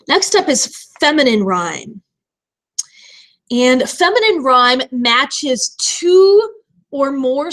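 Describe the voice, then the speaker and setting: A woman teacher explaining poetry terms in a recorded lecture, slowing down to stress key words. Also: fairly high pitch, a bit bright.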